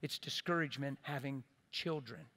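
A middle-aged man preaching with earnest passion. His voice sits at an ordinary middle pitch. He swings from loud, urgent bursts down to soft, hushed asides. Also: normal speed. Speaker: pastor. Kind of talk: sermon.

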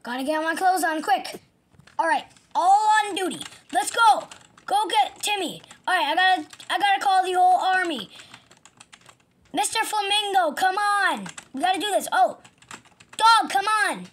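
A shrill, furious young man in a game role-play bellows frantic orders, his voice pushed high and loud, as a woman puts him on. He sounds indignant and out of control. The tone is bright and cutting. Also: lively intonation, moderate pace. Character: furious young male gamer robbed of snacks.

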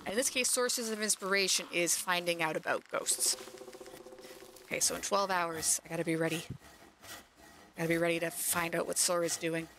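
A woman's voice: lowish voice, steady tone, normal speed, long pauses, fairly bright tone, slight background noise. A woman streamer giving casual, rambling game commentary full of fillers. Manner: chatty, rambling, many fillers.

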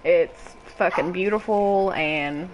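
A woman's voice: fairly low pitch, takes it slowly, dull audio, background noise. Chatty cussing Kentucky woman streamer. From Kentucky, USA. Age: 20s. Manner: profane, chatty, greets viewers by name. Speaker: game streamer. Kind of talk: casual gaming stream chat.

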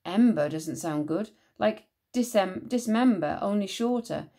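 A woman voicing a timid, nervous young boy in a storybook reading, speaking softly and fretfully. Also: medium pitch, lively intonation, a little slow.

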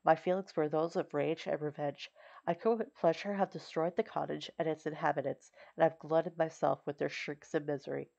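A woman narrating an audiobook in a steady, measured reading. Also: low voice, creaky. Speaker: audiobook reader. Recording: slightly dull recording.

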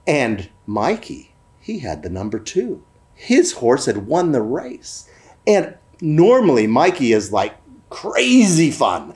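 A man telling a family story in a warm, lively storytelling manner for a family worship program. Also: medium pitch, moderate pace.

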